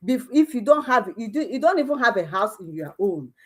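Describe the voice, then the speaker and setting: A woman's voice: mid-range voice, big pitch swings, fairly quick. Impassioned Igbo-accented woman livestreaming. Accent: Nigerian Igbo. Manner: impassioned, swings between soft lament and loud outbursts. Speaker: livestream host. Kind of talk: emotional livestream commentary.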